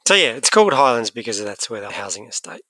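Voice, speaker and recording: A man's voice: medium pitch, big pitch swings, fast talker, bright, forceful tone, dry recording. A man co-hosting a podcast, chatting casually and animatedly, often restarting his sentences. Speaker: podcast co-host. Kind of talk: casual chat.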